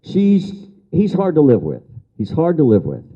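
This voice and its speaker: A man's voice: fairly high pitch, huge pitch swings, moderate pace. An older man giving a lecture as a story to an audience, repeating key phrases for emphasis and answering remarks from the room. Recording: dull lo-fi lecture recording.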